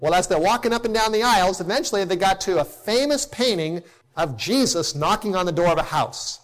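Middle-aged male preacher, slightly high-pitched, impassioned sermon delivery that swells and then drops soft. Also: lively intonation, a little fast. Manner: impassioned, rising to emphatic peaks then dropping soft; storytelling with acted quotes.

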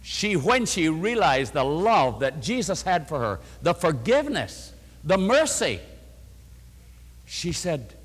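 A man preaching a sermon, his fairly high voice rising and falling with lively animation. He drives home points with loud stresses, then drops into soft asides. A long church reverb trails every phrase. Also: slow pace, breathy edge.

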